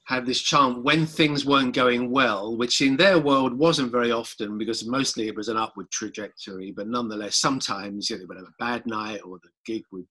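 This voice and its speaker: A man with a very bright, forceful tone tells an old story in an animated way. He acts out the lines of the people in it as he goes. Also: mid-range voice, brisk, hardly any pauses, rough recording. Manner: animated storyteller acting out a chant. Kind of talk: anecdotal reminiscence.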